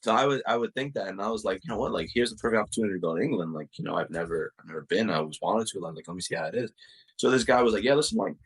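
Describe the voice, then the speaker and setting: Husky low-voiced man telling stories. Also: lively intonation, rapid-fire, rough recording. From Uruguay and the United States. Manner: fills speech with "like" and "you know". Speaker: podcast guest, soccer player. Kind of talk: casual storytelling interview.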